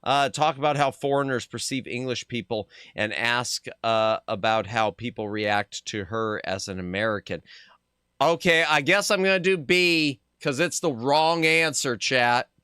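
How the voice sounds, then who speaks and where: A man's voice: medium pitch, measured pace, sharp tone, smooth, no echo, clean studio sound. A man streaming a game, reacting playfully and animatedly to the dialogue. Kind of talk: live game commentary.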